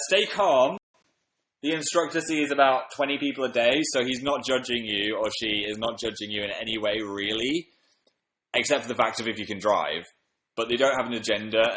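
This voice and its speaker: The recording is rough and reverberant as a man with a fairly low, slightly bright voice hosts a relaxed livestream from a room at home. Worn out from a late night, he talks and reads comments with flashes of enthusiasm.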